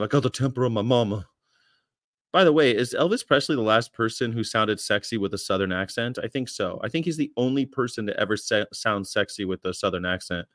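A man from the States co-hosts over a video call, speaking at a mid-range pitch with a very dry, close sound. He is blunt and teasing and swears freely. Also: fairly bright tone, dry recording. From United States. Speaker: podcast co-host. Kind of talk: casual podcast chat.

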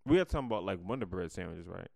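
A man co-hosting a casual podcast chat, laid-back and deadpan, with a slight stutter and halting restarts, on a close studio mic. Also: sits low, creaky, no room sound. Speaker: podcast co-host.

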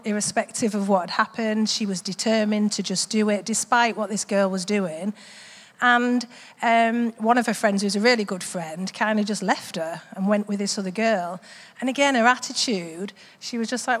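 A middle-aged woman sharing a heartfelt testimony at a church service, telling stories in a chatty way with many fillers. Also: mid-range voice. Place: church hall. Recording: long hall reverb from a church PA.

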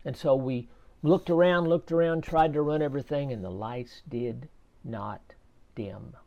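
A man slowly telling a personal faith story in a casual, halting way, often repeating his words. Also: medium pitch, creaky, dark tone, lo-fi sound. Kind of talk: casual spoken testimony.

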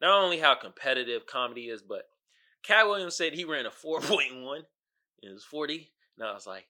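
A male podcast host in casual solo commentary, animated, swinging from mumbles to shouts and laughing often. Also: mid-range voice, normal speed, long pauses.

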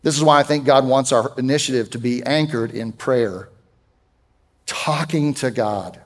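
A man's voice: mid-range voice, normal speed. Preaching man in a reverberant church hall. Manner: emphatic preaching, rising loud on quoted scripture. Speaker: pastor. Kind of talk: sermon. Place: church sanctuary.

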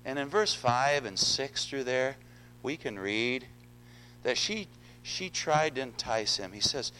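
A man's voice: mid-range voice, lively intonation, measured pace, bright, forceful tone, slight background noise, rough recording. Male pastor, sermon delivery, earnest and repetitive, mid-range voice. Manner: earnest, repeats words, addresses congregation.

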